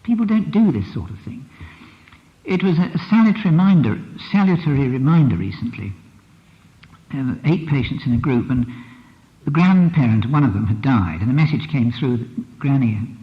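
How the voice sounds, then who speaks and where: A man's voice: mid-range voice, lively intonation, moderate pace. A man giving a lecture as a psychotherapist, reflective and emphatic, often repeating a phrase with the stress shifted. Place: lecture hall. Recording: dull lo-fi archive recording in a reverberant hall.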